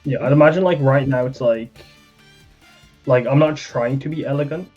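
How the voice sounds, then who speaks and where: A man plays a tabletop role-playing game, thinking aloud hesitantly and filling his sentences with fillers. The audio is a bit muffled, with quiet music underneath. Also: mid-range voice, normal speed. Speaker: player.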